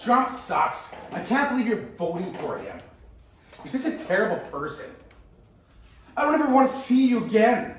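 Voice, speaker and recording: A man's voice: high voice, big pitch swings, normal speed. A young man playing an angry, blunt dad. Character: furious dad disowning his son. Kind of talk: amateur school skit acting. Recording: echoey room from far off, faint noise.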